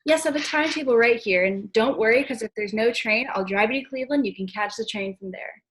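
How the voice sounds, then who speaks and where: A young woman playing a deadpan, sardonic secretary. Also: on the high side, fast, lightly acted. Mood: wry. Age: teens. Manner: deadpan, wry. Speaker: student actor. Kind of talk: school play read over video call. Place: at home. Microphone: video call.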